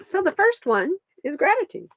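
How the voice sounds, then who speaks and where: A woman's voice: extremely high pitch, very animated, moderate pace, no echo, dull audio. A woman hosting a live stream, chatting casually with viewers and her pets while she pulls stones and cards.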